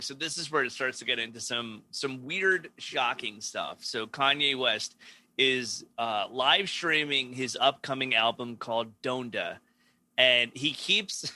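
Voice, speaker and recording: A man co-hosting a casual comedy podcast tells stories full of swearing and laughter, acting out quotes as he goes. His voice is mid-range, pushed and bright.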